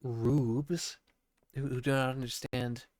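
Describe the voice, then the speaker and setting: Croaky sick man rambling, dry sound. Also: mid-range voice, fairly even intonation, takes it slowly, darkish tone, no echo. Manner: rambling, profane, self-interrupting. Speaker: podcast host. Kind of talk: rambling casual monologue.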